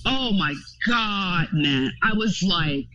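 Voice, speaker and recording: A woman's voice: on the low side, slow pace. A woman speaking as a podcast guest in candid casual chat, telling stories frankly with plenty of swearing. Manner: frank, profane, animated storytelling. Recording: dull lo-fi podcast audio.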